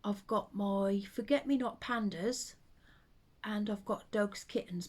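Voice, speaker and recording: A woman chatting casually to camera at home, rambling with hesitant ums and soft under-breath asides. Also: mid-range voice, unhurried. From United Kingdom. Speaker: vlogger and full-time teddy bear maker.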